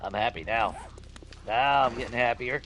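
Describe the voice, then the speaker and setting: A young adult man hosting a let's-play, chatting casually to his viewers, swearing freely and swinging between grumbling and giddy excitement. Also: medium pitch, normal speed, a little hiss or hum. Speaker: gaming channel host.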